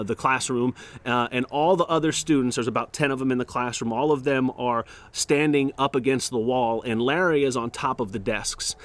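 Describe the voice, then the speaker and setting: Animated man telling a story. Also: mid-range voice. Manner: animated, acts out quotes, many fillers and restarts. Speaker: podcast host. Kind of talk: storytelling monologue.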